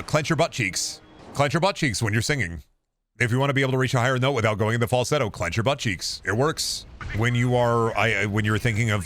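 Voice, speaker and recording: Deep-voiced rambling man streamer. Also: a bit bright, a little hiss or hum. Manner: rambling, with many restarts and casual swearing; trained performance voice. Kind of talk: casual stream chat.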